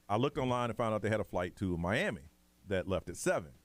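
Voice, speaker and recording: Male morning radio host, quick and animated, dry close mic, does the voices in his stories. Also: fairly low pitch, no room sound. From United States. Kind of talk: casual storytelling on morning radio. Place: radio studio.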